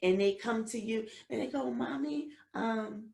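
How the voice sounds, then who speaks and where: A woman's voice: fairly high pitch, steady tone, a little fast, vocal fry, a little mellow. Emphatic woman podcaster in a roomy space. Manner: emphatic, preachy, talks straight to parents. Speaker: podcast host. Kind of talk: casual advice podcast. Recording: roomy echo.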